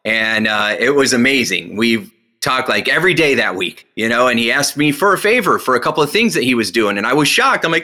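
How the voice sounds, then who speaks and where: The guest, a man who works as a hypnotist and speaker, brings lively storytelling to the interview and dramatizes what others told him with big shifts in pitch. For the breathing exercise he switches to slow, step-by-step guidance.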